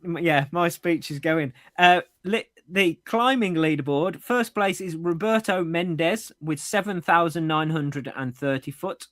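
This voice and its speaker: A man co-hosting a running podcast chats casually over a remote call on AirPods, stumbling and laughing at his own errors. His voice is fairly high and a bit bright, at a measured pace with hardly any pauses.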